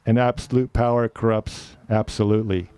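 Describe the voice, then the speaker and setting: Middle-aged male speaking teacher, warm and smooth, instructive lecture delivery. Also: lowish voice, steady tone, moderate pace. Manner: instructive, defining terms and quoting examples. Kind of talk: online lecture with quiz.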